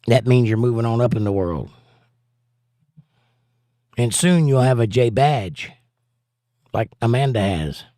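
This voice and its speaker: A man's voice: medium pitch, expressive, measured pace, pauses often, mellow, dry recording, studio quality. A man hosting a livestream in a casual chat, reading out viewer comments with a jokey, chatty manner.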